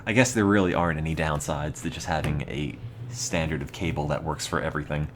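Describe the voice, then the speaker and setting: A young man with an East Coast American accent and a very low voice talks on a casual game stream. His delivery is dry and mock-serious as he rambles. Faint keyboard typing sits in the background. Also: fairly even intonation, a little fast, a little hiss or hum. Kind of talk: casual gaming stream chat.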